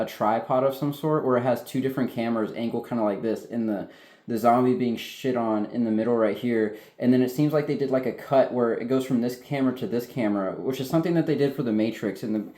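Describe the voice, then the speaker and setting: A man talks through a film in casual, excitable chat and swears freely. His voice has a mellow, darker tone. The room adds a noticeable echo. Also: mid-range voice. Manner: excitable, heavy swearing, animated. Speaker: film reviewer, co-host. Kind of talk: casual spoiler review chat. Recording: roomy echo.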